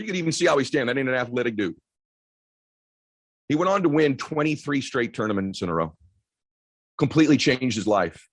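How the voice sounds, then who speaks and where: A man in his forties giving a motivational speech to a live audience, telling a story with quick, energetic delivery and loud shouts at the high points. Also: husky, dry recording. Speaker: motivational keynote speaker. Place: event stage before a live audience.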